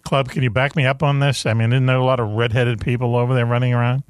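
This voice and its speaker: A man's voice: medium pitch, little pitch movement, fast, clean tone, no echo, studio quality. A man hosting a casual podcast chat, joking, laughing often and stumbling over fillers as he moves through a list. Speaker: podcast host.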